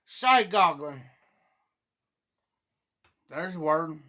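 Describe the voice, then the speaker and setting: A man's voice: fairly high pitch, animated, extremely slow, sharp tone. A middle-aged man from Ohio with a southern Ohio Appalachian accent, hosting a livestream in a folksy, rambling casual chat and greeting viewers by name. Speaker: livestream host.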